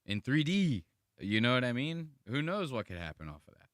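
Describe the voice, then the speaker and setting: A man's voice: mid-range voice, very animated, a little fast, a bit bright, no echo, studio quality. A man from the United States giving casual, rambling reaction commentary to videos, slangy and profane.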